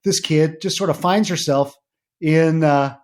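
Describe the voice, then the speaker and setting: A middle-aged man, a podcast guest, telling family anecdotes in a casual interview, animated and full of fillers. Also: a little slow. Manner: animated anecdotes with many fillers, rising pitch when excited.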